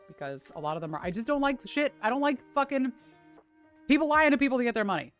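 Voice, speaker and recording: A woman's voice: sits high, very animated, quick pace, faint music behind. A woman fitness streamer chatting casually on a livestream, swearing freely and ranting with lots of "like".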